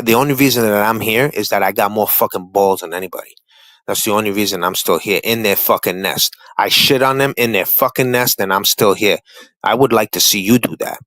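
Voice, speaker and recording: A man's voice: fairly low pitch, fairly bright tone, no room sound, poor audio. Guy trash talking on a live stream, cussing, keeps repeating himself, dry close sound. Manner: confrontational, profane, repetitive trash talk. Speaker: livestream panel guest. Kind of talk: heated livestream rant.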